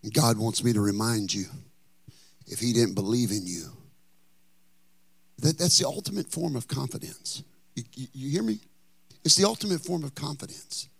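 A man's voice: medium pitch, normal speed, vocal fry, pauses often, husky, no room sound. A man preaching a sermon as pastor, impassioned, with a chanted, singsong cadence.

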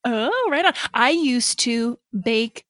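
A woman's voice: on the high side, expressive, slow pace, a bit bright, dry recording, studio quality. A woman guest-hosting a podcast, playful and laughing through casual banter. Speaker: guest co-host. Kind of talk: casual chat.

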